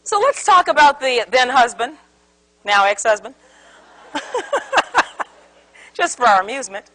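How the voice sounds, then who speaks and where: A woman speaks to a live seminar audience in a high voice that swoops widely. She tells her stories with animation, acting out the quotes. She keeps putting questions to the room. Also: big pitch swings, takes it slowly, bright, forceful tone, poor audio. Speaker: conflict resolution speaker. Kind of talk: interactive seminar talk.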